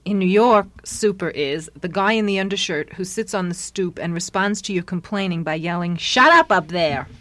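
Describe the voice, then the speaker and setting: A woman author is being interviewed. She tells her anecdotes with wry humor, and her voice sits a little low. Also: normal speed, few pauses, no room sound. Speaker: author guest. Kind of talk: radio interview.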